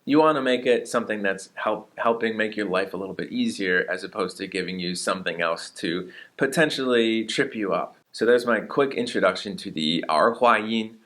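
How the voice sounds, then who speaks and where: Lower-voiced man teaching Mandarin words. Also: fairly bright tone. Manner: explains steadily, models Mandarin words with slow repeated examples. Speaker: Chinese teacher. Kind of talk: casual video lesson.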